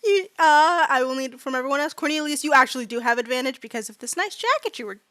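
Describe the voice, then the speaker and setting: Young woman gm rambling fast, high bright voice, dry home mic. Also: expressive, no echo. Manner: fast, filler-heavy narration with laughs. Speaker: game master. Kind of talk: narrating a tabletop game.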